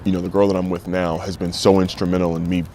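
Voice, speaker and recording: A man's voice: low-pitched, little pitch movement, quick pace, mellow, slight background noise. A man in his thirties, a former football player, speaking openly and emotionally in an interview, swearing freely. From United States. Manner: frank and emotional, swears freely, acts out quoted voices. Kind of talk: candid interview.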